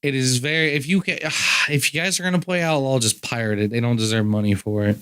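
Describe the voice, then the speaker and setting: Smooth-voiced joking podcast co-host man. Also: mid-range voice, steady tone, fairly quick, a bit bright, dry recording. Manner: joking, steers the topic with questions. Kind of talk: casual chat.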